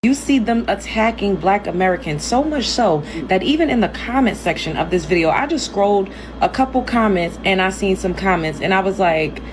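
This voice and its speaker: A woman's voice: mid-range voice, expressive, moderate pace, few pauses, background noise. A woman co-hosting a commentary show, talking in an indignant, pointed way. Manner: indignant, reads comments aloud. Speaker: co-host. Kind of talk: casual commentary.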